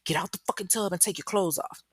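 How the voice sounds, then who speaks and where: A woman's voice: fairly low pitch, fast talker, breathy edge, dry recording, studio quality. A woman voicing a volatile, controlling man who holds his girlfriend captive, talking bluntly in menacing slang. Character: volatile controlling man, boyfriend turned captor.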